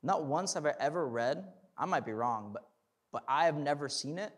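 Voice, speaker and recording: With an animated voice on the high side and a moderate pace, this young preacher keeps his sermon conversational. He repeats and restarts, tosses in "like" and "right?", and works up to fervent emphasis.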